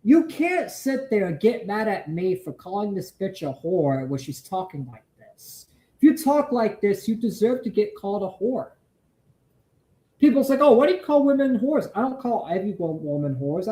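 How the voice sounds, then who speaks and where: A man's voice: sits high, big pitch swings, moderate pace, mellow. Brief: profane male stream host, casual rants, roomy echo. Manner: profane, ranting. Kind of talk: casual live stream chat. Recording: echoey room.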